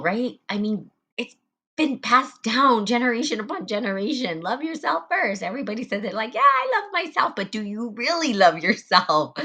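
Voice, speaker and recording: A woman's voice: mid-range voice, fairly bright tone. A woman hosting a spiritual group talk, speaking earnestly about self-love, repeating phrases and using fillers. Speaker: podcast host.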